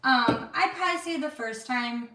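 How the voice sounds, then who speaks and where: A woman's voice: on the high side, normal speed, sharp tone. A woman with a Wisconsin accent, chatting casually and laughing at herself as co-host of a family live stream. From Wisconsin, USA. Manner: chatty, giggly, self-deprecating. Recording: echoey room, distant mic.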